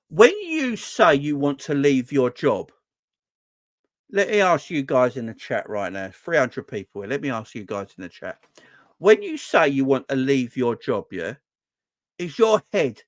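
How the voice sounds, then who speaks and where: A man's voice: medium pitch, no room sound. Ranting man on a late-night stream. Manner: swears freely, loud and animated, repeats himself. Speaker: football fan livestream host. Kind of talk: casual ranting livestream chat. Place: home at night, kids asleep.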